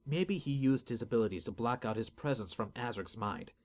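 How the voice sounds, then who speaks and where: A man giving steady, measured scripted narration of a fantasy audiobook. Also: medium pitch.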